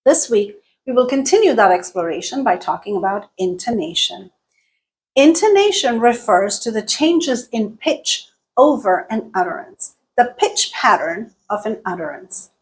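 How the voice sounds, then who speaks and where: A woman teaching English pronunciation in an online lesson, explaining clearly and steadily and checking in with "right?". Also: medium pitch, big pitch swings, measured pace.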